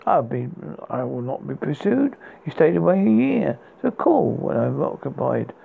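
A man's voice: fairly high pitch, sing-song, measured pace, vocal fry, slightly rough. A man hosting a podcast, reading poems aloud and often stumbling and restarting words. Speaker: podcast host. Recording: tinny phone-like sound with faint hiss.

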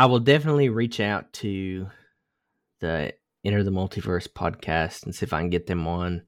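A man's voice: sits low, no echo, clean studio sound. A young man co-hosting a podcast, talking in a loose, rambling way and swearing casually. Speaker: podcast co-host. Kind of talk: casual chat.

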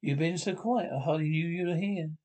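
A calm family doctor, read by a man from a 1940s radio script. The voice stays plain and slightly high. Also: fairly quick, close to an everyday voice. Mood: reassuring. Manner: reads stage directions aloud before lines.

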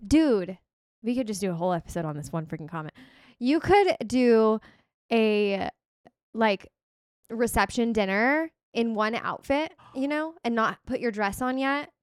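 A woman co-hosting a podcast, talking in a chatty, animated way full of "like". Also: a little high, unhurried, dry recording, clean studio sound. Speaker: podcast co-host. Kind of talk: casual chat.

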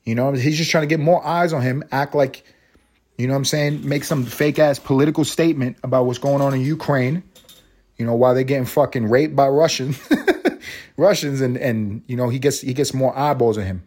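Profane, animated male podcast host. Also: brisk. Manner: profane, animated, riffing with sudden high exclamations. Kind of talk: casual solo podcast rant.

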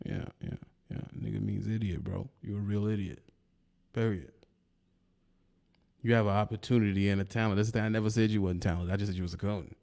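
A man's voice: lowish voice, fairly even intonation, a little fast, creaky, pauses often, darkish tone. A man on a video channel ranting at a rival, taunting and confrontational, with mocking laughs. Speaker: YouTuber. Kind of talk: heated rant at a rival.

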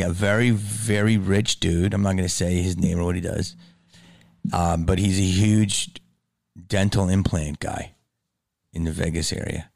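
Gravelly man telling loose stories. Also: no room sound, clean studio sound. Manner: animated storyteller, swears freely, drops to low mutters. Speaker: podcast host. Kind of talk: casual chat.

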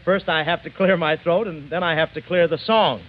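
A man playing a wisecracking high-voiced joker. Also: close to an everyday voice. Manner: quick quips, fast comic banter. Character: wisecracking young man posing as a groom. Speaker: comic lead in a radio comedy. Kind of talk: 1940s radio comedy acting. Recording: old radio broadcast, dull with hiss.

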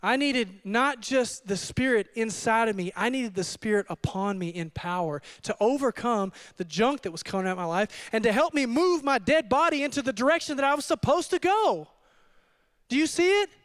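A man in his thirties preaching a fervent sermon as pastor, swinging from hushed to shouting. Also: very high-pitched, expressive, moderate pace.

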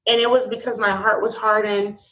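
A woman guest in a casual talk about faith, telling stories in a slangy, lively way with frequent laughter. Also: mid-range voice, a little fast. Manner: animated storytelling with laughs. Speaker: podcast guest. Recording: dull lo-fi sound.

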